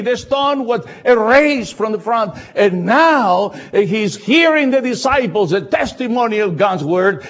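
A man with a Latin American Spanish accent preaching a sermon, impassioned and repeating phrases, swinging from loud cries to low asides. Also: lively intonation, measured pace, hardly any pauses, lo-fi sound.

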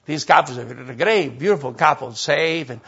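An older man, a pastor telling a story in a sermon, animated and acting out voices. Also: fairly high pitch, moderate pace, creaky, breathy edge. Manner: animated, acts out voices and laughter. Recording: dull lo-fi sermon recording.

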